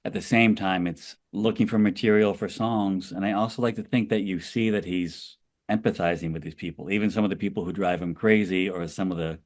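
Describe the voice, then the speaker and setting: A man guest on a podcast talks in a very low voice. He is thoughtful and tends to ramble, with frequent restarts and asides as he explains his ideas. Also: fairly even intonation, brisk. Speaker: author guest. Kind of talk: podcast interview.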